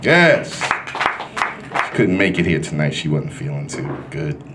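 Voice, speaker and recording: A man doing a stand-up comedy set in a club, loud and crude, working the crowd as he tells stories. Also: a bass voice, takes it slowly. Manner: loud, crude, animated storytelling with crowd work. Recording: live club recording with room noise.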